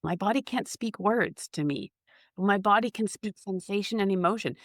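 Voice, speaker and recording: A woman's voice: mid-range voice, moderate pace, dry recording. Thoughtful woman on a chill podcast, mid voice, restarts a lot, dry mic. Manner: earnest, reflective, many restarts and "like". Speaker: podcast co-host. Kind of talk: casual conversational podcast.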